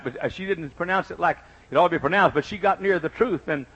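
An older man preaches with a husky, breathy edge to a voice that sits high for a man. He swings between fervent, shouted exhortation and quiet, homely storytelling, and tosses folksy jokes to his congregation. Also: brisk, poor audio. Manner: folksy, joking asides to the congregation. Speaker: pastor. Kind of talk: sermon.

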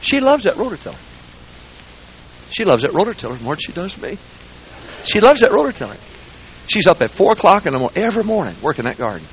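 A man preaching a folksy, joking sermon in a church, swinging between quiet asides and shouting. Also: high-pitched, very animated, quick pace, pauses often, slight background noise. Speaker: guest preacher. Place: church sanctuary.

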